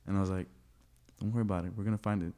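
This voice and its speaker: A man's voice: low-pitched, fairly even intonation, racing, warm tone. A young man in casual conversation, animatedly telling a personal story, laughing often and acting out what people said.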